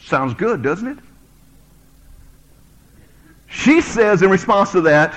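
Animated high-voiced male preacher. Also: moderate pace, hardly any pauses, rough recording. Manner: animated, storytelling, joking with the congregation. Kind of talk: sermon.

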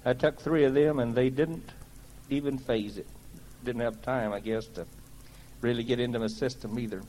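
A man's voice: medium pitch, normal speed, mellow, rough recording. A man giving a personal testimony to a gathering, telling it in a plain-spoken, folksy way with earnest conviction.

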